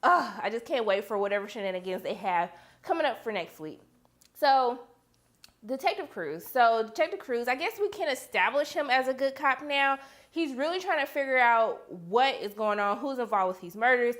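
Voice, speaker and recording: A young woman reviewing a TV episode in a casual vlog, animated and talking straight to her viewers. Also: moderate pace. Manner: quotes characters with sudden high-pitched outbursts.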